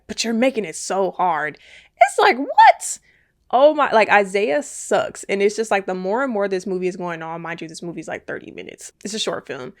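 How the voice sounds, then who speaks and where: Chatty young woman recapping a film. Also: medium pitch. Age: 20s. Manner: animated, chatty retelling with lots of "like". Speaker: movie recap YouTuber. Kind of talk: casual movie recap.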